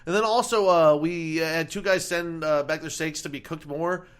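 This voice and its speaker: A young adult man co-hosting a podcast in casual chat, telling profane, animated stories. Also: fairly high pitch, normal speed, clean tone. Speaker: podcast co-host.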